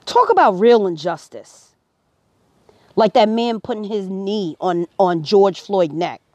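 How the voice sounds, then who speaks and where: A woman of average pitch talks straight to her viewers in an earnest, preaching way. Her voice swells to emphatic peaks as she presses each point. The sound is dry and close, with no room echo. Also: expressive, slow pace, a little mellow. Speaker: vlogger. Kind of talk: impassioned personal commentary.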